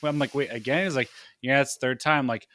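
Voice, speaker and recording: This young man co-hosts a podcast, rambling animatedly through stories with plenty of fillers in casual chat. His mid-range voice moves a little fast, captured in a dry, clean studio recording.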